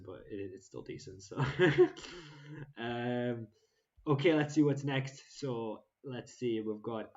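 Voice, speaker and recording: A man's voice: fairly low pitch, darkish tone, lo-fi sound. A man co-hosting a casual chat show, rambling with lots of fillers and frequent laughter. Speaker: co-host.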